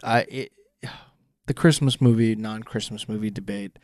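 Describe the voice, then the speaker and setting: A man's voice: on the low side, steady tone, normal speed, a little mellow, no room sound, clean studio sound. A man co-hosting a casual podcast, picking apart a film scene with enthusiastic, rambling analysis and frequent restarts. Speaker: podcast co-host.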